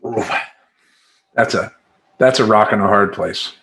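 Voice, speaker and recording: A man talking as a life coach in a motivational monologue, emphatic and animated, chanting affirmations in rhythmic repetition. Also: fairly low pitch, a little slow, vocal fry, a little hiss or hum.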